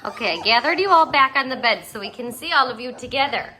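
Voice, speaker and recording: A woman's voice: sits high, expressive, quick pace. An adult woman, a dog breeder, filming her puppies at home on a phone, cooing at them in baby talk. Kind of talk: casual home video narration. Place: indoors at home by a puppy bed. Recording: loud puppy whimpers behind voice. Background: loud puppy whimpering and yips.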